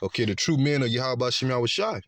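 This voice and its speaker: A man's voice: medium pitch, lively intonation, fast, a bit bright. A man preaching a scripture-based sermon, emphatic, often adding "okay" and "man". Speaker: street preacher.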